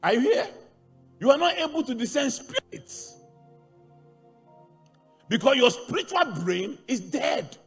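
A man preaching a sermon to a congregation, animated and rising into shouts. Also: very high-pitched, unhurried, gravelly, pauses often, husky. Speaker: pastor. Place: large church hall. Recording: church hall reverb with faint music.

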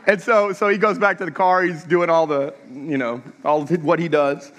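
High, bright-voiced preacher in an echoey hall. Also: male voice, steady tone, normal speed. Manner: humorous, storytelling, engages the audience with questions. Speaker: pastor. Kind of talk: sermon. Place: church sanctuary.

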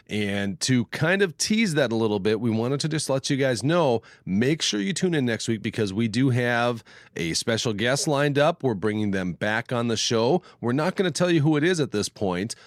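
A man with a cold, sounding stuffed up, co-hosting a podcast in relaxed casual chat. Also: mid-range voice, no echo, studio quality. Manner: laughs easily, relaxed announcer-style. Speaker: podcast co-host.

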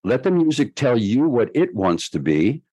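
A man voicing a shy, soft-spoken male pop star on the phone, with a high, breathy voice. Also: big pitch swings, normal speed, lo-fi sound. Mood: earnest.

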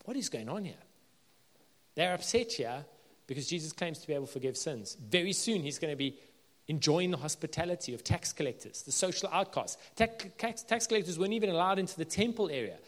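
Male pastor, sermon delivery, emphatic swells then quiet drops; slightly raised pitch, big reverberant hall. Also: lively intonation, brisk. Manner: earnest, builds to emphatic peaks then drops low.

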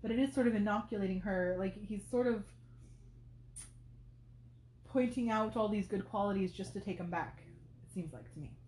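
A woman's voice: mid-range voice, moderate pace, long pauses, darkish tone, a little hiss or hum. Chatty woman in a roomy space. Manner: chatty, thinking aloud, many fillers. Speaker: podcast host. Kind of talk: casual book commentary.

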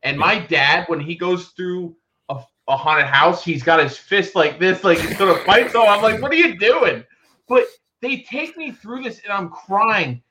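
In a casual podcast conversation, this co-host tells lively stories and acts out the people in them, delivering their quotes loudly. He speaks in a high voice at a slightly slow pace, captured with dull, lo-fi sound.

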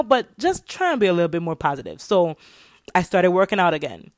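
A woman hosting a motivational podcast, telling stories in an animated way and repeating words as she goes. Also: lowish voice, brisk, no echo, clean studio sound. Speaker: podcast host.

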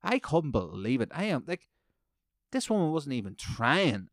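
A man's voice: mid-range voice, big pitch swings, normal speed, no echo, clean studio sound. A man, hosting a podcast and telling a heated, profanity-heavy story. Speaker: podcast host. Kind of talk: profane ranting monologue.

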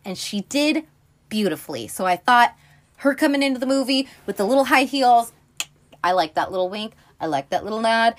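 Foul-mouthed, animated woman recapping films. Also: fairly high pitch, moderate pace. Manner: profane, animated storytelling; rambling, self-interrupting. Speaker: podcast host. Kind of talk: casual film recap.

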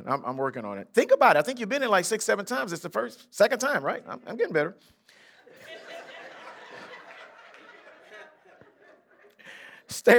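Animated older man preaching a sermon. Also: high-pitched. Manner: animated preaching, acting out Bible figures in street slang. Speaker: pastor. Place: church sanctuary.

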